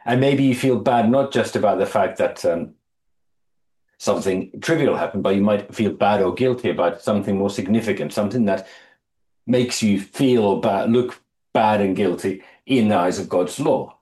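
Low-voiced man teaching a Bible study. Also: a little mellow. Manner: thoughtful, halting restarts, reads scripture aloud and quizzes listeners. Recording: echoey room.

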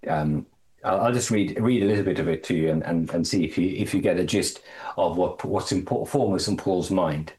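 A man leading a Bible study, explaining a passage in a halting way, often repeating words and lifting his voice on quotations. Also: a little mellow. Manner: halting, repeats words, stresses phrases with rising pitch. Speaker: Bible teacher.

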